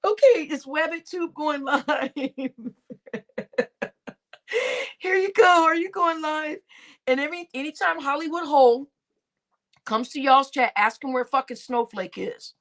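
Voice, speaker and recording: A woman's voice: high-pitched, a little slow, pauses often, a bit bright. A woman commentating on a casual gossip livestream, often breaking into laughter, swearing freely and talking to her chat. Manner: laughing often, profane, addressing chat as y'all.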